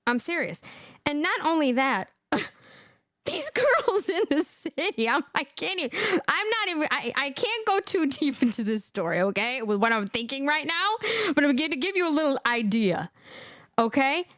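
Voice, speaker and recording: A woman hosting a live stream, reacting with frequent laughs and incredulous repetition. Her voice is high and bounces all over. The sound is dry and close to the mic. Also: big pitch swings, moderate pace, a bit bright, no room sound. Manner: laughing, repeats herself, incredulous. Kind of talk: reaction commentary.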